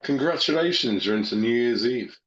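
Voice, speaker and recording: A man's voice: medium pitch, expressive, a little fast, fairly bright tone. A man in casual chat, rambling, joking and swearing a lot. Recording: dull lo-fi audio.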